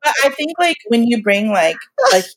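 A woman in her forties, guest in a casual interview, telling stories in an animated, slangy way and acting out what people said. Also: fairly high pitch, normal speed, very noisy. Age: 40s. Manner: animated, slangy, acts out quotes.

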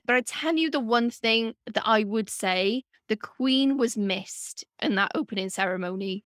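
Casting: woman with regional British accent, podcast co-host, fairly high voice, dry sound, teasing. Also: moderate pace, fairly bright tone, no room sound. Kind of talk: casual chat.

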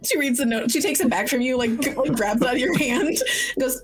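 A woman playing a tabletop role-playing game, mixing narration with her character's speech in a slow, playful way. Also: husky, faint music behind. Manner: playful, slow and deliberate delivery with lively pitch jumps. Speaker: tabletop player.

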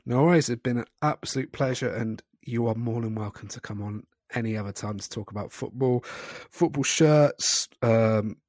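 A man's voice: lowish voice, steady tone, brisk, few pauses, a little mellow, no room sound, studio quality. A British man hosting a podcast, chatting casually and rambling with apologetic digressions. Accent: British English. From Britain. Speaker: podcast host.

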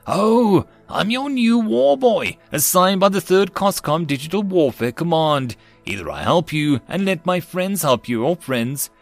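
A man voicing a small, eager AI war program with a high little voice and a cheery, talkative manner. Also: big pitch swings, unhurried, hardly any pauses, faint music behind, full character voice. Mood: chirpy.

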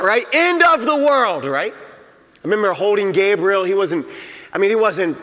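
A man preaching a sermon as pastor, slow and emphatic, repeating his key phrases. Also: high-pitched, lively intonation, bright, forceful tone, long reverb tail. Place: church sanctuary.

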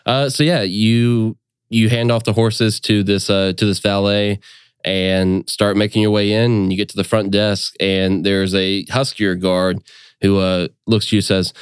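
A man running a tabletop game as game master. He narrates in a relaxed, easygoing way with frequent fillers. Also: fairly low pitch, measured pace, clean tone, dry recording, clean studio sound.

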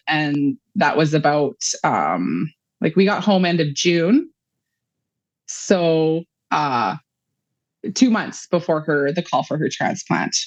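A woman in her thirties talks through a long personal story, wandering and filling pauses with "um" and "like." Her voice sits low for a woman. The sound is dry and slightly muffled, with no room in it. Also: no room sound. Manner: rambling, emotional storytelling with many fillers. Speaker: guest, mother of a child patient. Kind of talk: conversational interview.

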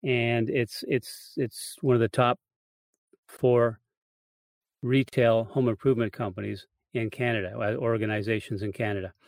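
A man's voice: mid-range voice, level tone, moderate pace, darkish tone, no echo. A man hosting a podcast interview, asking questions and agreeing with his guest in an easygoing way. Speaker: podcast host.

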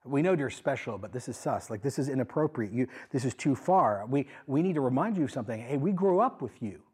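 A pastor acting out a skeptical hometown crowd confronting Jesus in casual modern slang, with a husky voice. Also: male voice, mid-range voice, animated, brisk, darkish tone. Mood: incredulous. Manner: incredulous, pleading, talks in modern slang.

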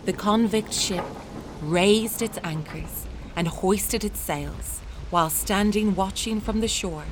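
Woman narrating a dramatic history, low voice. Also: a little hiss or hum. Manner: measured, dramatic storytelling.

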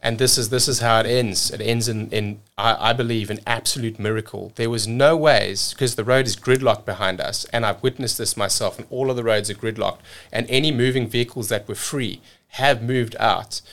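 A man from South Africa telling a story as a podcast guest, energetic and repeating words as he rushes on. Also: medium pitch. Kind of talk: casual storytelling.

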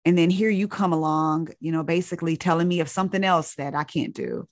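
Low-voiced woman telling a story. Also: steady tone, quick pace, hardly any pauses, no echo, studio quality. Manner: earnest, searching, with many restarts. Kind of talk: reflective storytelling.

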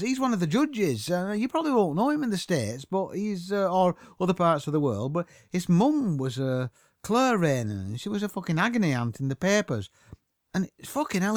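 A man's voice: sits high, no echo, clean studio sound. A man, delivering a mocking comic rant full of swearing. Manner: swearing constantly, mocking, rambling.

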